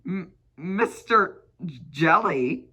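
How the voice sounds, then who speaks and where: A man's voice: high-pitched, fairly even intonation, normal speed, pushed and bright. A man voicing a timid, easily panicked little storybook man who shrieks and stammers in fright. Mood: stammering. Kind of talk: storybook read-aloud.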